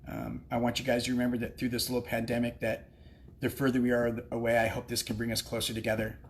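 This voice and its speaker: A man gives a heartfelt, rambling speech from a cafe during a livestream. His voice stays flat and even in pitch while he pauses often on ums and restarts his sentences. A light hum of faint background noise sits under him. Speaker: recovery cafe member sharing his story. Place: recovery cafe.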